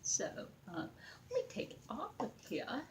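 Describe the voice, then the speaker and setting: A woman's voice: high-pitched, wildly swooping pitch, moderate pace, background noise. A young woman chatting casually as she works on a craft project, rambling and talking to her viewers and to a doll. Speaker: craft vlogger.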